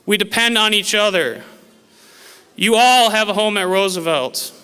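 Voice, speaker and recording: In a large, echoey auditorium, a male teacher speaks a little slowly in a high, pushed, bright voice that is clear and resonant. His formal graduation speech is earnest and inspiring, drawing on well-known sayings.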